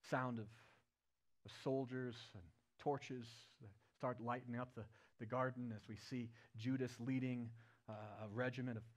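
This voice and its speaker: A male pastor delivers a sermon to his church. He tells the story vividly. His voice climbs loud and high at key points and drops to a hushed murmur at others, from a middle-pitched baseline. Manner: retells the story vividly, swinging from loud and raised to hushed and low. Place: church service.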